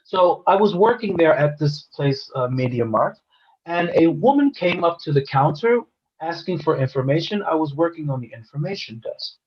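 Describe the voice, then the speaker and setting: A man's voice: fairly high pitch, lively intonation, moderate pace, breathy edge. An American man earnestly telling a personal story, retelling scenes through quoted dialogue. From United States. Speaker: interviewee. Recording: dull lo-fi recording.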